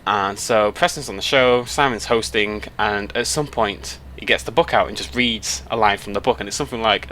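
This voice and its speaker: A man's voice: on the low side, normal speed, hardly any pauses, pushed and bright, a little hiss or hum. Chatty British young man rambling on a road trip. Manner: chatty, rambling, self-interrupting. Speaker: YouTuber. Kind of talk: casual chat to camera. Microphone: headset mic.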